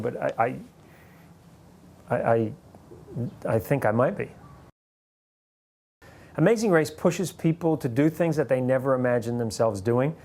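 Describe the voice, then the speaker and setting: With a darkish, mid-range tone, a New Zealand man in his forties tells career anecdotes from his time as a TV host. His accent is partly Americanized, and the interview has a reflective, storytelling feel.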